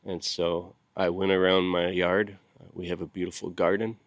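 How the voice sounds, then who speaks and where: A man hosting his video channel, talking casually to the camera. He is grieving and short on sleep, and he speaks in a halting way, with long pauses and repeated words. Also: low-pitched, little pitch movement, dry recording. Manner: grieving and heartfelt. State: sleep-deprived.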